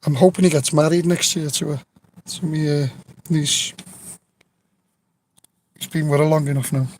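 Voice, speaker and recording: A man's voice: on the high side, steady tone, normal speed, a little mellow, rough recording. A man with a somewhat raised voice chats loosely to his viewers on a phone live stream outdoors. He rambles through anecdotes, swears casually and stumbles over restarts, with a faint hiss of open air behind him. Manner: rambling storyteller, swears freely, many restarts. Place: outdoors near an old tree.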